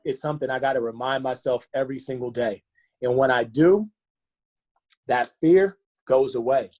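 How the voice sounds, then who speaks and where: A man's voice: mid-range voice, normal speed, darkish tone. A man, a fitness coach, giving a motivational talk over a video call, earnest and fond of rhetorical questions.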